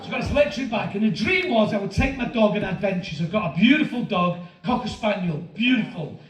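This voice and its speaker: A man in his fifties doing a stand-up comedy set, telling a story with animated delivery and loud shouting bursts. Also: high voice, fairly quick. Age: 50s. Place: comedy venue with live audience. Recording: roomy live-venue sound from a distance with crowd. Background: audience laughter.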